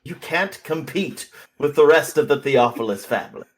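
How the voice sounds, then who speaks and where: A man's voice: a little high, normal speed. A man playing a tabletop role-playing game, brash and playful as he speaks in character. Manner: lively, brash in-character outbursts. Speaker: player voicing Oswald. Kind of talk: tabletop role-play banter.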